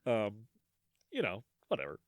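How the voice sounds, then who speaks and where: A man's voice: on the low side, huge pitch swings, unhurried, dry recording. A man with a Midwestern accent co-hosting a podcast, chatting casually and chuckling often as he tells stories. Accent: Midwestern American. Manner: chuckles often, easygoing storytelling. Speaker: podcast co-host. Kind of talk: casual chat.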